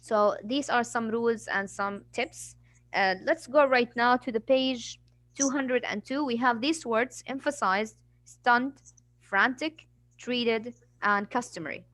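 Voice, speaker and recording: A woman's voice: a little high, slow, a bit bright, dry recording. Female English teacher, patient and explanatory, dry close recording. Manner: patient explaining, acts out examples. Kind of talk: classroom vocabulary lesson.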